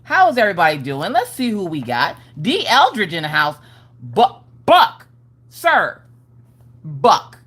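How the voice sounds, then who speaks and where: A woman's voice: fairly low pitch, huge pitch swings, measured pace, fairly bright tone, slightly rough. A woman hosting a casual crafting livestream, upbeat and greeting viewers one by one by name. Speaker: livestream host.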